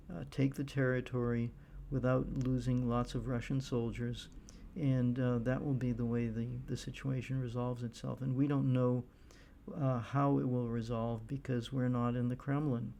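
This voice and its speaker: A middle-aged man giving casual monologue commentary, halting often with fillers and restarts. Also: medium pitch, creaky, warm tone, slight background noise. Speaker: political commentator.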